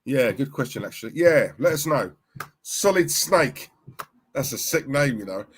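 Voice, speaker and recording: A man's voice: medium pitch, lively intonation, brisk, breathy edge. A man co-hosting a live football watchalong, chatting in slangy banter with the viewers and his co-host. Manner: chatty, banter-heavy, slangy, laughs a lot. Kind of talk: casual live-stream chat.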